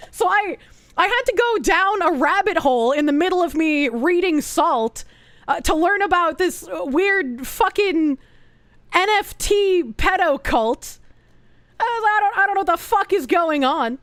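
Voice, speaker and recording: A woman's voice: sits high, animated, a bit bright, dry recording. A woman streamer reading out posts to her chat in a casual, profane, exasperated way. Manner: profane, exasperated, quick to gasp and laugh.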